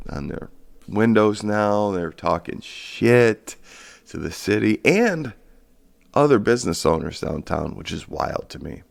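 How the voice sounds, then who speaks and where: A man's voice: low voice, vocal fry. A man hosting a podcast, ranting in a casual, sarcastic and profane way, rambling with lots of fillers. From Michigan, USA. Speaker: podcast host. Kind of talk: casual solo rant.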